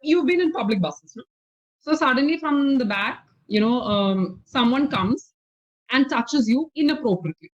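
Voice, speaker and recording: A woman's voice: high-pitched, animated, moderate pace. A woman with an Indian English accent teaching spoken English in an online lesson, patient and explanatory, often checking that the learner follows. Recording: slightly dull lo-fi audio.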